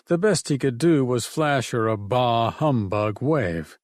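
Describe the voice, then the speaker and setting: A man reading an audiobook in a steady, measured narration. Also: medium pitch, no room sound, clean studio sound. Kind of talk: scripted narration.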